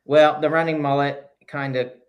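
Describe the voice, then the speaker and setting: A man co-hosting a casual podcast, laid-back and a bit halting, often restarting his sentences. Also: fairly high pitch, fairly even intonation. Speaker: podcast co-host.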